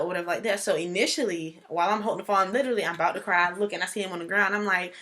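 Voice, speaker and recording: A young woman vlogging casually, telling a personal story in a chatty, animated way. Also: mid-range voice, very fast, hardly any pauses.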